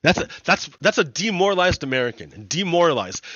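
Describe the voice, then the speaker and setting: Man streamer, casual rambling talk with laughs, fairly high voice, close dry mic. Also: big pitch swings, fairly quick, a bit bright, no room sound, dull audio. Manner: rambling, laughing, repeating himself. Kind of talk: casual livestream commentary.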